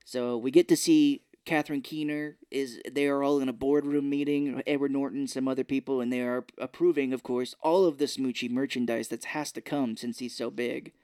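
A man's voice: medium pitch, steady tone, moderate pace, few pauses, dark tone, smooth, no room sound, studio quality. A man co-hosting a movie podcast, chatting casually and retelling scenes by acting out the characters' lines. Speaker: podcast co-host.

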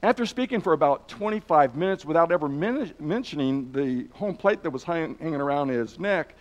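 Male Bible teacher, fairly high voice, storytelling delivery with dramatic pauses and frequent restarts. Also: lively intonation. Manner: repeats words while telling. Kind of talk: storytelling lesson.

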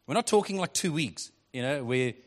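A male pastor preaching a sermon in a relaxed, conversational way, reading scripture and breaking into quick acted quotes. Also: fairly high pitch. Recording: long hall reverb.

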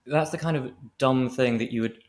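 A man's voice: mid-range voice, moderate pace. A man co-hosting a podcast in casual chat, joking and rambling with many restarts. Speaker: podcast co-host.

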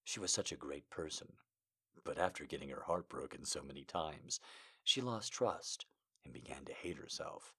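A man voicing a tender young werewolf alpha who talks in a breathy, hushed murmur, within a comedic reading of amateur fiction. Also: extremely low pitch, animated, moderate pace, voice pushed down, heavily acted.

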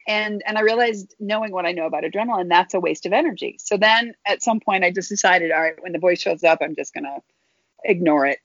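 A woman guest telling a personal story in an earnest, halting way, often restarting her phrases. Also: lowish voice, no room sound. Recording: dull lo-fi dry recording.

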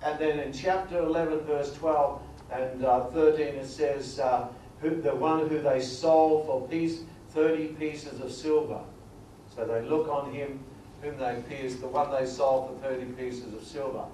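A man teaching a sermon through numbered points, reading scripture slowly and with emphasis. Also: mid-range voice, fairly even intonation, slight background noise. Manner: grows quiet and emotional at times. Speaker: preacher. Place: large echoey hall. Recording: echoey hall recording from far off.

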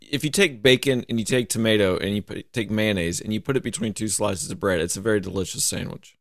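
Low-voiced man, easygoing teasing banter. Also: fast, dry recording, clean studio sound. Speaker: podcast co-host. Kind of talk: casual banter.

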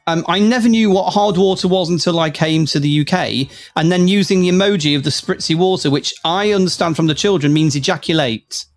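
A man's voice: a little high, fairly quick, hardly any pauses. A man co-hosting a live audio chat show, chatty and rambling with lots of fillers and restarts. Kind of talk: casual chat.

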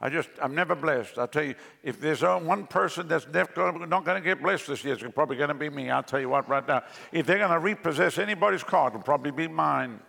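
Speaking quickly with hardly any pauses, this pastor has a somewhat high, gravelly, sharp voice. He preaches a sermon full of jokes and stories for the congregation, and the large church hall adds long reverb.

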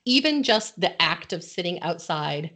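A woman's voice: on the low side, sing-song, measured pace, pushed and bright. A middle-aged woman from Connecticut hosting a podcast, telling a story in casual chat and laughing often. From Connecticut, USA. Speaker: podcast host.

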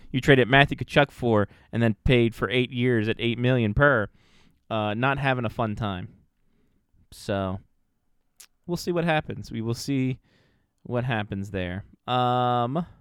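A man's voice: mid-range voice, clear, resonant tone, dry recording, studio quality. A man co-hosting a casual hockey podcast, rambling with fillers and swearing freely. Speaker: podcast co-host. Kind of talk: casual sports chat.

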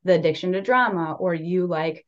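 A young woman tells her story in a candid, loose conversational way, leaning on fillers and asides. Her voice sits on the low side for a woman. The recording sounds dull and muffled. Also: normal speed. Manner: candid, animated, many fillers like "like" and "right". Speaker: podcast guest.

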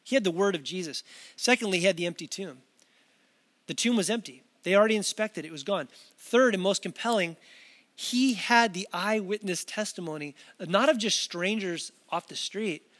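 A pastor delivering a conversational sermon, acting out quoted voices with lively emphasis. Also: male voice, high voice, normal speed, long reverb tail.

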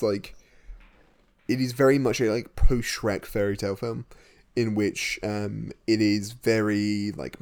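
A man co-hosting a film podcast, relaxed, dry-humoured and full of filler words. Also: medium pitch. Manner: laid-back, dry jokes, hesitant fillers. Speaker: podcast co-host. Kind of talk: casual film podcast chat.

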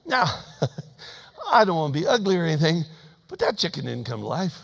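High-pitched preacher guy, folksy and jokey, gets loud then drops quiet, church echo hanging on every word. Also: wildly swooping pitch, moderate pace, creaky. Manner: folksy, humorous storytelling preaching; emphatic, swings between loud and hushed. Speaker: pastor. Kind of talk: sermon.

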